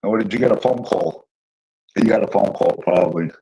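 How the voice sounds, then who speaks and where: A man's voice: on the low side, brisk, gravelly, mellow, husky, rough recording. A man hosting a live stream, chatting casually and agreeing with his guest in short replies while greeting viewers.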